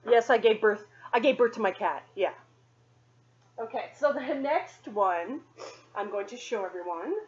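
Still sweaty after cleaning, a woman who vlogs about her doll collection chats casually at her home condo, rambling and poking fun at herself. Her mid-range voice is expressive and a little slow, and the audio has the highs cut off.

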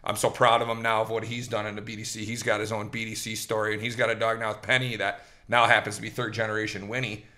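A man hosting a podcast, telling a long, rambling story in an animated, casual way, with restarts and quoted lines. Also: on the low side, quick pace, hardly any pauses. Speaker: host.

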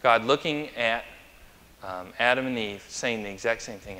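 A man's voice: medium pitch, moderate pace, sharp tone. A male pastor preaching a conversational sermon, chatty and anecdotal, who asks the congregation questions. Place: church sanctuary. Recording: long church reverb.

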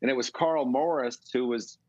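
A middle-aged man from California, telling a long, animated story as a guest in a casual interview. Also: medium pitch, normal speed, husky, dry recording, lo-fi sound. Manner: rambling, animated storytelling with swearing. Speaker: guest musician.

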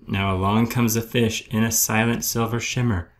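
A man's voice: fairly low pitch, flat delivery, moderate pace, few pauses. A man reading a rhyming children's picture book aloud with a rhythmic storytelling manner. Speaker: storybook reader.

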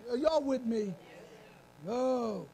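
Man preaching, high voice, gravelly edge, banter with the church. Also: takes it slowly, slight background noise. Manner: animated, comic, calls out to congregation. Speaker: bishop preaching. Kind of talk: live church sermon.

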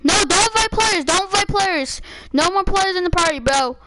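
A woman streaming a live game, chatting with teammates in casual slang and shouting urgent commands when excited. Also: very high voice, moderate pace, very noisy. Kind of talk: live gameplay chat with teammates.

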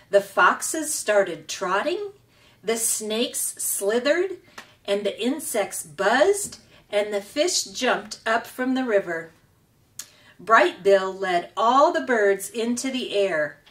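A woman reads a children's chapter book aloud as a storytime host, unhurried and expressive. Her voice rises and falls a lot and sits a little high. She sounds set back from the microphone. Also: far from the mic.

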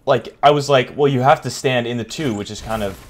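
A man's voice: medium pitch, a little fast, slight background noise. A young man giving gameplay commentary, exasperated and ranting, swearing often. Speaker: gaming streamer.

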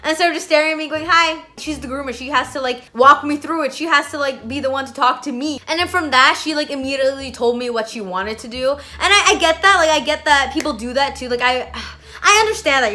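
A woman's voice: high-pitched, pushed and bright. A young woman vlogger from Canada telling an exasperated storytime rant in a chatty way, full of "like.". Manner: chatty, exasperated, heavy use of "like".

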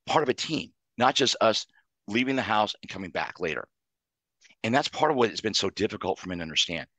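Low-voiced man, earnest psychologist. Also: fairly bright tone, no echo. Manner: earnest, explains in numbered lists. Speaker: psychologist and author. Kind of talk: interview answers.

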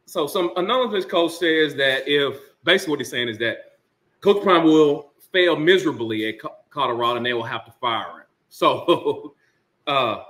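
A sports commentary host with a medium-pitched, fairly bright voice launches into a casual rant. He's emphatic and sarcastic, tossing in laughing asides.

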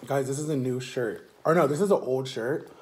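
A man's voice: medium pitch, a little fast, darkish tone. A man chatting casually and upbeat in a vlog, filling his talk with "like". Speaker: vlogger.

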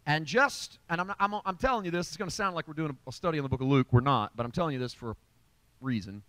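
A man's voice: on the high side, quick pace, a bit bright, dry recording. Man preaching in a dry, close sound. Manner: conversational, emphatic preaching with many restarts. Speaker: pastor. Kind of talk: Bible study teaching. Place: church.

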